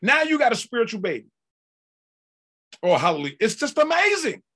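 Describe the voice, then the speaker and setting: A male pastor delivering a sermon in folksy, conversational talk that breaks into shouted peaks and drawn-out emphasis. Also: extremely high pitch, very animated, husky.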